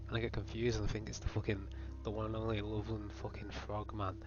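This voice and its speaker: A young man with a lowish, slightly mellow voice delivers a profane, rambling comedic rant in a mock-serious voice-over, keeping his tone level and his pace brisk. He sounds like a comedy video host, and the lo-fi recording is dull, with faint music underneath.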